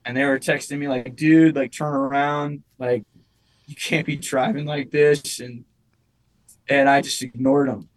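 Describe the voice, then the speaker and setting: A man's voice: medium pitch, flat delivery, measured pace, rough recording. A young man, a musician guest, telling a personal story in casual chat, rambling with lots of restarts and fillers.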